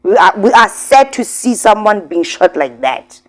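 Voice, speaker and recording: A woman's voice: medium pitch, sing-song, normal speed. A woman hosting a commentary vlog, talking emphatically and straight to her viewers. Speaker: commentary host.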